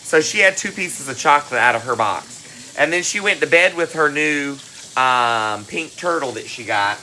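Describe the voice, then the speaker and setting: A woman's voice: deep voice, expressive, normal speed, pushed and bright, a little hiss or hum, rough recording. A woman hosting a cooking livestream, greeting viewers by name in a chatty, affectionate way. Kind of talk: casual live-stream chat. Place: home kitchen.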